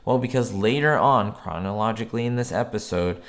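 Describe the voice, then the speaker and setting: Man, low voice, casual upbeat explainer, YouTube trivia chat. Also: fairly quick. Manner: chatty, upbeat, recaps scenes with asides.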